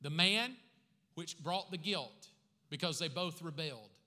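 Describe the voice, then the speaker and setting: Preaching in a large church sanctuary where long reverb lingers after each line, this pastor has an expressive voice that is high, bright and forceful. He trades playful jokes with the congregation between his teaching points and slows down deliberately to repeat key phrases with emphasis.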